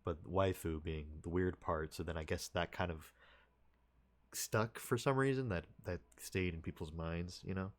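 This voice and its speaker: A man's voice: low voice, normal speed. A man streaming and chatting casually with his viewers, rambling and restarting his sentences with little chuckles.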